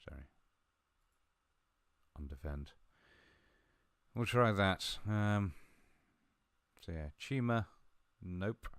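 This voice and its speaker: A man talking through a football management game he is playing, chatty and a little mumbling, with sudden bursts of excitement. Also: sits low, drawn-out words, gravelly, long pauses, smooth, no room sound, studio quality. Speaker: gaming video host. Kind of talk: live game commentary.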